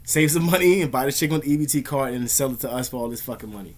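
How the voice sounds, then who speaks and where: A man vlogging in a rapid, rambling rant. He swears constantly and speaks in casual slang at a middling pitch.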